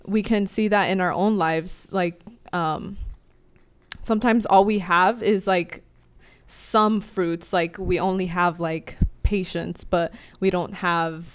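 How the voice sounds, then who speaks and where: A young woman co-hosting a faith podcast, speaking gently with many fillers. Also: fairly low pitch, steady tone, slow, clean tone. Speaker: podcast co-host. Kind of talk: casual faith discussion.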